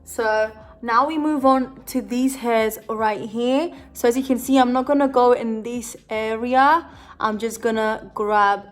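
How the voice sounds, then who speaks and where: A woman's voice: on the high side, fairly even intonation, measured pace. A young woman chatting casually through a beauty tutorial at home, rambling with lots of fillers and joking about herself. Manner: rambling, full of "like" and "kinda" fillers; giggly, self-joking. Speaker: beauty vlogger.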